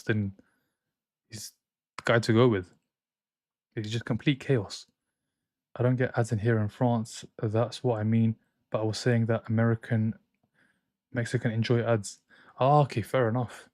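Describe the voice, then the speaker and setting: A man's voice: mid-range voice, a little mellow, no echo. Young male streamer, opinionated and chatty, answers chat as he goes, dry close mic. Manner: reads out and answers viewer chat, opinionated banter. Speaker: football watchalong streamer. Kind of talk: casual live-stream chat. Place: home streaming room in France.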